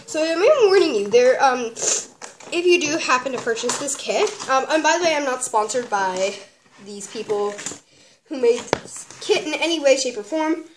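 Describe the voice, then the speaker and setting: High-voiced chatty craft vlogger, echoey room. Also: female voice, expressive, moderate pace. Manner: bubbly, rambling with many "like" and "um". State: sniffly from a cold. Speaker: craft vlogger reviewing a kit. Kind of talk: casual chatty tutorial. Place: at a craft desk at home. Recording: echoey room, faint background noise.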